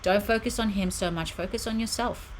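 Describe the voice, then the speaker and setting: A woman's voice: mid-range voice, a little fast, a little hiss or hum, rough recording. A middle-aged woman hosting a live stream, giving reassuring relationship advice and reading viewer comments aloud. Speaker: spiritual channel host.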